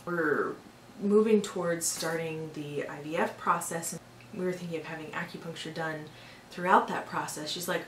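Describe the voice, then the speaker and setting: A young woman with a deep, steady voice tells a personal story at a moderate pace in a casual vlog. She's chatty and full of filler words, growing exasperated at times, and sits a bit far from the mic in an echoey room with faint hiss.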